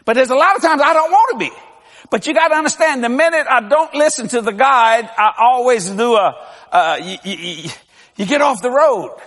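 An older man, a pastor, preaching with lively storytelling, acting out dialogue and laughing often. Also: extremely high pitch, moderate pace, long reverb tail. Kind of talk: sermon.

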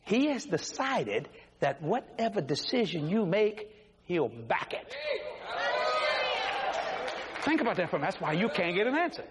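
High-voiced, animated older preacher. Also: male voice, normal speed, pauses often, crowd noise. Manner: folksy, animated preaching with acted quotes. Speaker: pastor. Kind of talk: sermon. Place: church sanctuary. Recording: echoey hall, faint noise.

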